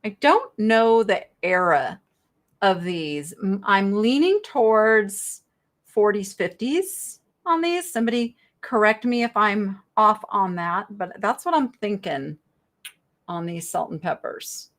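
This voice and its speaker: Bubbly woman with a lively pitch. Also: slow pace. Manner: chatty, bubbly, reads viewer chat aloud. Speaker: live sale host. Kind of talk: live-stream sales chat.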